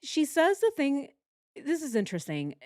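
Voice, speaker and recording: A woman's voice: high voice, huge pitch swings, moderate pace, darkish tone, dry recording, studio quality. A woman hosting a true crime reaction video, commenting casually and with sarcastic, mocking remarks.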